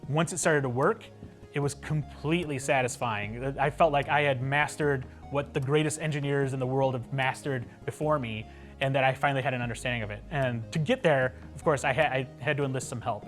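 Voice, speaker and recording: A man's voice: mid-range voice, fairly even intonation, fairly quick, soft background music. A man, a game developer, speaking earnestly and reflectively in a documentary interview.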